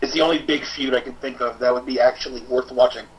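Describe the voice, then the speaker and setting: A man co-hosting a casual wrestling podcast, excitable, often acting out imagined promos in put-on voices. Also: medium pitch, quick pace, slight background noise, poor audio. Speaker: podcast co-host.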